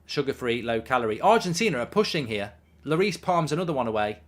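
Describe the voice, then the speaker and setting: A man's voice: medium pitch, big pitch swings, fast talker, fairly bright tone. A man casually chatting on a live stream, reading out viewer messages with plenty of ums. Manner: chatty, reads chat messages aloud, frequent ums. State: hiccups. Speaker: watchalong streamer.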